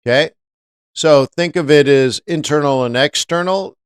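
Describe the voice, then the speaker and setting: A man's voice: fairly high pitch, unhurried, smooth, no echo, studio quality. A man hosting a live-stream trading lesson, chatty, often asking viewers rhetorical questions. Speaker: trading educator.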